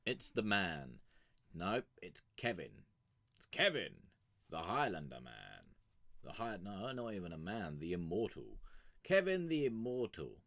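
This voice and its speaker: A man's voice: low-pitched, wildly swooping pitch, a little slow, fairly bright tone, dry recording. A man chatting casually and crudely with his live-stream audience, rambling and joking on a sugar rush. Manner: profane, rambling, joking banter with chat. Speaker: music review streamer.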